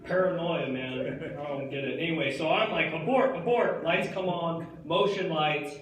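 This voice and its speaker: A man's voice: fairly high pitch, steady tone, moderate pace, fairly bright tone, a little hiss or hum. A young man performing a comic stage monologue, rambling in slacker talk full of "like" and "dude". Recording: echoey hall picked up from far off.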